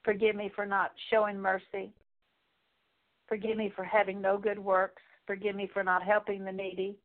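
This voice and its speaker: A woman leading a spoken prayer of confession, pleading in halting, repetitive phrases with pauses. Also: mid-range voice, completely flat delivery. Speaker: prayer leader. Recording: tinny phone-like sound.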